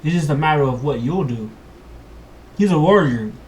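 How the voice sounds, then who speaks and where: Lively, casual male storyteller running a game. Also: fairly high pitch, moderate pace, slight background noise. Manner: casual slang, dramatic storyteller. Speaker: dungeon master and vlogger. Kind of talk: improvised fantasy narration for a vlog.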